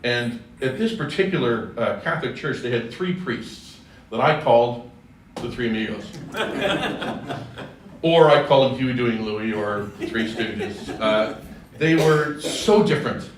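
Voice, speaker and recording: A man's voice: mid-range voice, moderate pace, a little hiss or hum. A man from California, a singer giving a chatty, joking public talk with many self-corrections. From California, USA. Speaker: speaker, singer. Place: church hall. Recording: echoey hall, distant mic, faint ambience.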